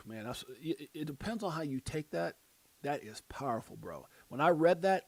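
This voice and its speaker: A man's voice: fairly high pitch, expressive, moderate pace, warm tone, dry recording. A man hosting a casual live stream, rambling and self-deprecating, using slang as he reads quotes and headlines. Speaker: livestream host.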